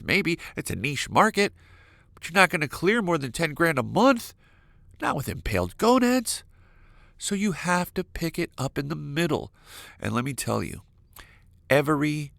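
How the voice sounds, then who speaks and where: Gravelly, animated man ranting crudely. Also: fairly high pitch, dry recording, clean studio sound. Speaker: podcast host. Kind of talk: comedic solo monologue.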